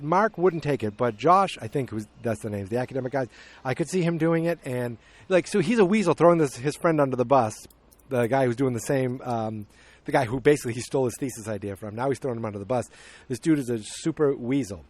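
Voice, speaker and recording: A man's voice: medium pitch, quick pace. Man rambling through a movie recap. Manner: rambling, restarts, acts out characters' lines. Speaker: podcast host.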